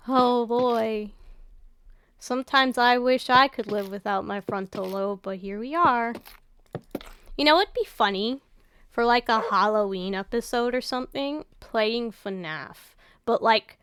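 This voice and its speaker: A woman chatting in a rambling, low-key way over gameplay, her voice raw and tired, with casual swearing and trailing sentences. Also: a bit bright, slight background noise. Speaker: gaming YouTuber.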